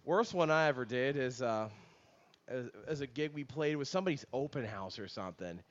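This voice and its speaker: A man's voice: mid-range voice, animated, brisk. A man co-hosting a casual chat, talking loosely with lots of fillers and swearing. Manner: loose, swearing, filler-heavy banter with frequent laughs. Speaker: podcast co-host. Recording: muffled lo-fi sound.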